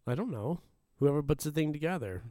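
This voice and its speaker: A man co-hosts a casual podcast, teasing his friend with crude jokes and laughing often. His speech is animated, with a lively rise and fall in pitch. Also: fairly quick, no room sound, studio quality. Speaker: podcast co-host. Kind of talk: casual chat.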